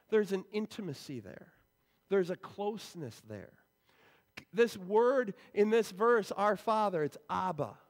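High-voiced male pastor preaching in a reverberant church. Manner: conversational, explanatory. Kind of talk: sermon. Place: church sanctuary. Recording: long reverb in a church hall.

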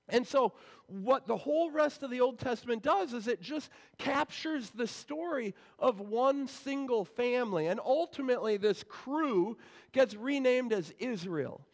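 A male pastor with an extremely high-pitched, expressive voice gives an unhurried sermon in a church sanctuary, explaining scripture conversationally. Long reverb from the church hall fills the recording.

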